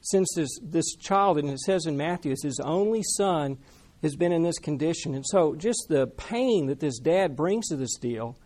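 A man preaching a sermon in a conversational, animated way, talking with the congregation. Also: a little high, moderate pace. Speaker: pastor.

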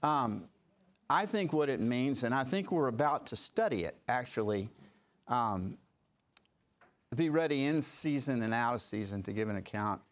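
A man's voice: medium pitch, lively intonation, normal speed. A man leads a church study group in a mid-range voice. He talks loosely and conversationally, full of ums and false starts as he works his thoughts out. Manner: conversational, with many fillers and restarts. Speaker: Bible study leader. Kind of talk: leading a group discussion.

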